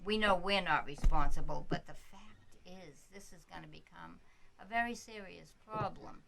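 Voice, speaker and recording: A woman speaking briefly as a resident at a town meeting, in a hesitant, halting way that repeats phrases. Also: fairly low pitch, gravelly, noisy background. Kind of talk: brief public comment.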